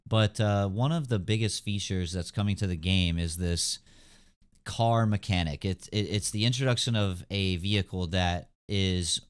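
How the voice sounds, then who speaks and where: Young male podcast host; low, smooth voice, loose rambling delivery full of fillers. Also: moderate pace. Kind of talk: casual chat.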